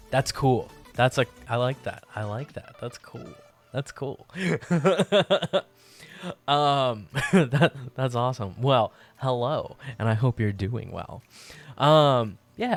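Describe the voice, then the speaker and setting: A man hosting a live art stream from his basement apartment, chatting casually with viewers, laughing often and restarting his sentences. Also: mid-range voice. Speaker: livestream host.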